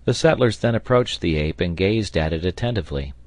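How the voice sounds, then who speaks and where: A man narrating an audiobook in a steady, even storytelling manner on a close mic. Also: deep voice, brisk, dry recording. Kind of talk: scripted narration.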